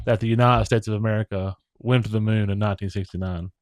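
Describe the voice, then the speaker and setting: A man's voice: on the low side, steady tone. A man co-hosting a casual podcast, often stumbling and repeating words as he works through his thoughts. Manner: halting, repeats words when thinking. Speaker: podcast co-host. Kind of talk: casual chat.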